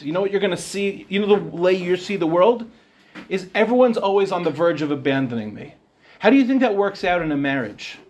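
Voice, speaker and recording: Conversational rabbi with a fairly high voice. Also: male voice. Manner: conversational, asks the audience questions. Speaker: rabbi giving a Torah class. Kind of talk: informal Torah lecture.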